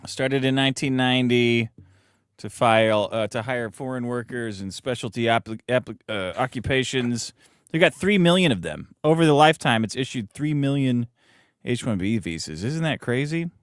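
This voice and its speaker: A man's voice: mid-range voice, lively intonation, moderate pace, clear, resonant tone, no room sound, clean studio sound. A man co-hosting a podcast, tossing in blunt, wry remarks in casual chat. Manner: wry interjections, blunt opinions. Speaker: podcast co-host.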